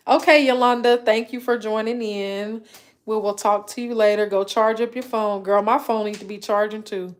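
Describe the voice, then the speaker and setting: A woman hosting a casual livestream, chatting with viewers and telling animated stories. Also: mid-range voice, moderate pace. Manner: animated storytelling, acts out quoted voices, laughs often. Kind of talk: casual live chat, reading viewer comments.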